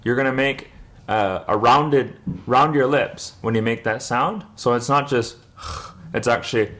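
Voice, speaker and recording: A man's voice: medium pitch, fairly even intonation, moderate pace, a bit bright. A young man teaching a word's pronunciation in a patient lesson, repeating each sound for the listener to copy. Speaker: language teacher.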